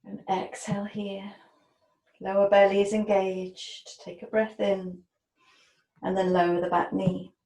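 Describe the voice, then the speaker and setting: A woman yoga teacher talks a class through breath and movement in a slow, soft cadence. Her voice is mellow and dark, and it rings in an echoey room. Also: medium pitch, little pitch movement. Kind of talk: guided yoga class instruction.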